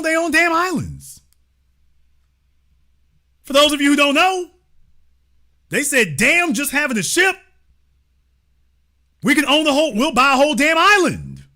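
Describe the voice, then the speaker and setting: A man's voice: very high-pitched, sharp tone. A man hosting a livestream commentary show, talking emphatically and profanely to his chat. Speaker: host.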